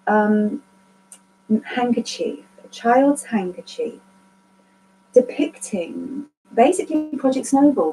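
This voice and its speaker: A woman's voice: mid-range voice, warm tone, a little hiss or hum, low-quality recording. A woman, speaking candidly to a support group she organizes, rambling and earnest and swearing freely. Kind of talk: candid casual group talk.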